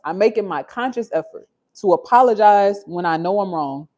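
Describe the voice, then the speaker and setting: A woman's voice: medium pitch, animated, moderate pace, warm tone. Woman, livestream host at home, confessional and heartfelt, chatty with viewers. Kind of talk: candid livestream storytelling. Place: her home.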